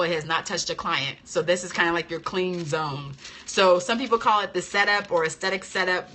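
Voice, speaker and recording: A woman hosts a casual live-stream chat, talking shop as an esthetician trainer. Her voice is bright and forceful. She is chatty and playful, reads out viewer comments and answers them. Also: fairly low pitch, a little hiss or hum. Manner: playful and expressive, laughs often.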